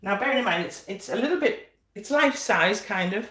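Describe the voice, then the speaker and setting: Chatty home baker in an echoey room. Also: female voice, mid-range voice, lively intonation, fairly quick, a bit bright. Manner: chatty, self-deprecating, restarts and fillers while fetching things. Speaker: home baker hosting a live stream. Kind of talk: casual live-stream chat.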